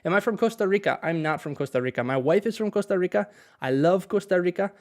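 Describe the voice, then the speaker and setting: A man's voice: sits high, animated, fast talker. Chatty Midwestern man teaching live. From Wisconsin, USA. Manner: chatty, greets viewers by name, switches between English and Spanish. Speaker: English teacher. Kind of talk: livestream language lesson.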